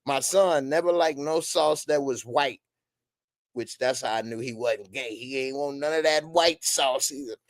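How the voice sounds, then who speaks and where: A man's voice: mid-range voice, measured pace, no echo, clean studio sound. Slangy, laughing male streamer. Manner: loose slangy riffing with frequent laughs. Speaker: host. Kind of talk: casual chat reading viewer comments.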